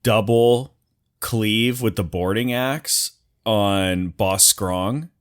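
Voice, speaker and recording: Slow-spoken male player in casual chat, polite and a bit sheepish. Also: on the low side, smooth. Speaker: podcast player.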